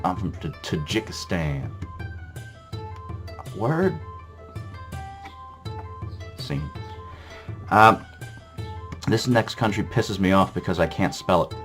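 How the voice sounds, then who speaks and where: A man commenting crudely on a geography quiz he is playing, sarcastic and profane, rambling with lots of fillers. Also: lowish voice.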